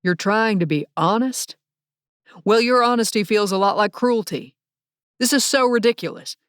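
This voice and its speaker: A woman's voice: low-pitched, moderate pace, dry recording, studio quality, close to an everyday voice. A woman voicing a bitter, jilted young fiancé. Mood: indignant. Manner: bitter, accusing. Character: angry hurt young man, jilted fiancé.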